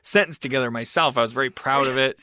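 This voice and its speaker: A man's voice: mid-range voice, quick pace, bright, forceful tone, no echo, clean studio sound. A man hosting a podcast, chatting casually in a rambling, self-mocking way with many restarts. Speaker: podcast host. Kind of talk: casual comedic chat.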